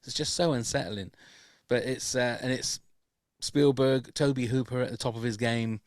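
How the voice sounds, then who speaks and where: A man's voice: mid-range voice, fairly even intonation, normal speed, no room sound. A man hosting a podcast in a mid-range voice. He is enthusiastic and loosely phrased. The recording is close and dry. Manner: enthusiastic, trailing off between phrases. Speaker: podcast host. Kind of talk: casual chat.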